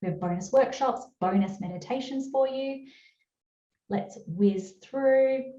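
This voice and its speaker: Casting: Australian woman presenter, mellow voice, chatty and upbeat, roomy dull video-call sound. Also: unhurried. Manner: chatty, upbeat sales pitch with fillers. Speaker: webinar presenter. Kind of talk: webinar presentation.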